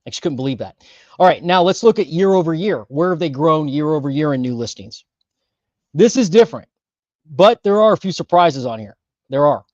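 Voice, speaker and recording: A man's voice: fairly high pitch, expressive, fairly quick, a little mellow, no room sound. A man walking through housing market numbers, stressing and repeating key figures as he goes. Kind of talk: data walkthrough commentary. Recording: dry, slightly dull sound.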